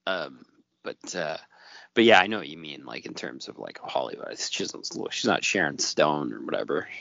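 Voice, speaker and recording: A man's voice: very deep voice, sing-song, moderate pace, gravelly, fairly bright tone, no room sound. A man co-hosting a podcast in casual chat, blunt, joking and freely swearing, recorded dull and dry. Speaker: podcast co-host.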